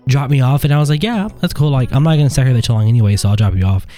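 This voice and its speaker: A man's voice: medium pitch, racing, soft background music. A man from Texas co-hosting a podcast, telling a story in casual chat and acting out what others said, laughing often. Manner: animated, acts out quoted dialogue, laughs often. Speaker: podcast co-host.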